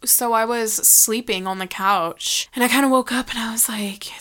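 Podcast guest: woman with a smooth, clear voice, middle pitch, talks bluntly with lots of swearing. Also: steady tone, normal speed, hardly any pauses, fairly bright tone. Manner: blunt, heavy swearing, quotes herself dramatically. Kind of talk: casual storytelling.

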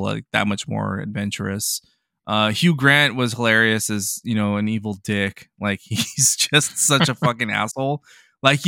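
Laughing, profane podcast co-host. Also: male voice, on the low side, sharp tone, no echo, clean studio sound. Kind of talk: casual chat.

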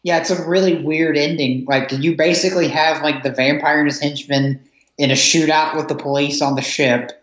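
A man's voice: a little high, fairly even intonation, moderate pace, fairly bright tone. A man co-hosting a podcast, chatting casually about a film, laughing often as he retells scenes. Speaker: podcast co-host. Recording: echoey, dull lo-fi sound.

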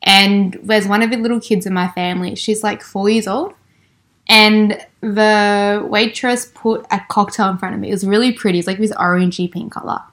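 A young woman co-hosting a podcast in casual chat, chatty and quick to laugh, acting out the lines she quotes. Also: mid-range voice, steady tone, a bit bright. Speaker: podcast co-host.

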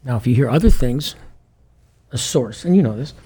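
Male ex-police commander, raspy voice, lively storyteller who acts out the dialogue. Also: mid-range voice, normal speed. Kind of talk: anecdotal interview storytelling.

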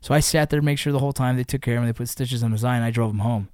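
A man telling a long story in casual chat, animated and full of swearing. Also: medium pitch, rapid-fire, smooth, no room sound, studio quality.

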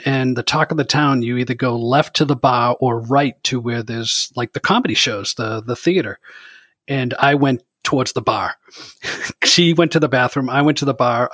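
A man's voice: medium pitch, a little slow, a bit bright, no echo. A man in casual chat, telling a rambling story.

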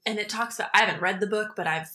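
A young woman with a bright, clear voice co-hosts a casual podcast. She is upbeat and playful, and she talks through her thoughts at length. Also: mid-range voice, very fast. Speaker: podcast co-host. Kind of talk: casual chat.

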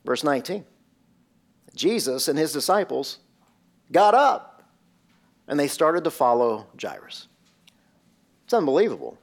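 Slow, emphatic male preacher. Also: a little high, big pitch swings. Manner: emphatic, rhetorical questions. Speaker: pastor. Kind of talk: sermon.

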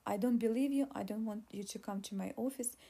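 A woman's voice: on the high side, fairly quick, gravelly, slightly rough. A woman voicing an angry, nervous male attorney who screams insults in an audiobook reading. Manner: loud, insulting, desperate.

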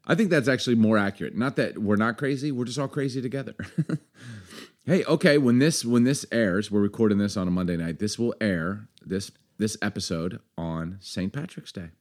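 A man's voice: on the low side, moderate pace. A man co-hosting a podcast, joking and teasing in casual banter, often laughing. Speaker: podcast co-host.

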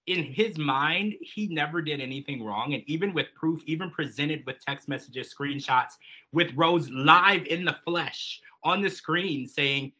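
A man's voice: on the high side, measured pace, pushed and bright, breathy edge, poor audio. A man co-hosting a podcast, giving emphatic and indignant opinions in casual recap chat. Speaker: podcast co-host.

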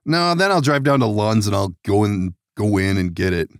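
A man's voice: on the low side, big pitch swings, normal speed, no room sound. Man, podcast host, rambling casual stories, laughs a lot, dry close sound. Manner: rambling storyteller, laughs often, swears. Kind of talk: casual chat.

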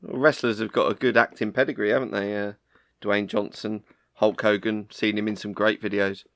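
A man's voice: fairly low pitch, flat delivery, normal speed, a bit bright. Wry man in casual chat. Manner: dry, wry, laughs often.

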